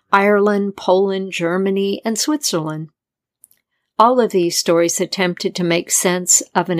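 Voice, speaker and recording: A woman tells an old legend at an unhurried pace, her voice sitting low and calm. She reads in a measured, deliberate manner suited to scripted storytelling. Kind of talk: scripted folktale narration.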